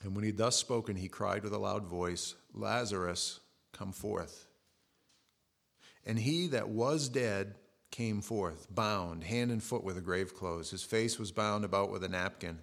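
A man's voice: on the low side, normal speed, fairly bright tone. A man preaching a sermon in a conversational way, retelling scripture with acted asides. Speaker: pastor.

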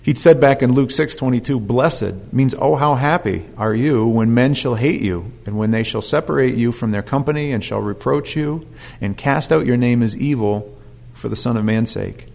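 A man's voice: medium pitch, normal speed, vocal fry, darkish tone. A man preaching a sermon, telling the story with animation and acting out voices.

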